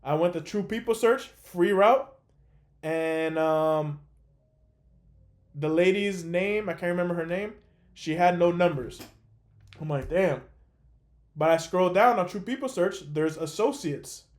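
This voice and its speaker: A young man hosting a call, telling a story in a casual, animated way with lots of fillers. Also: high voice, unhurried, long pauses. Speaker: host.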